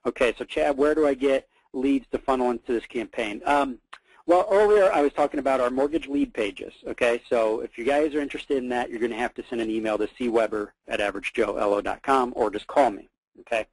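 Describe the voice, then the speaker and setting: A man hosting a webinar, talking casually through a software demo, repeating words and calling his listeners guys. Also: medium pitch, a little fast, slightly rough, dry recording, low-quality recording. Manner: casual, repeats himself, many fillers, addresses listeners as guys. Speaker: webinar host.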